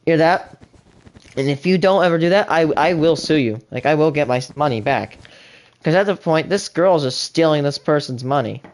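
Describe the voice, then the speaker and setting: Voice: mid-range voice, moderate pace. A live streamer reacting to a TV show in rambling, indignant casual commentary, often restarting sentences.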